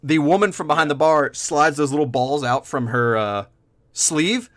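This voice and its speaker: A man's voice: fairly high pitch, moderate pace, fairly bright tone. A man running a tabletop game as game master, narrating loosely with lots of casual fillers and the odd swear.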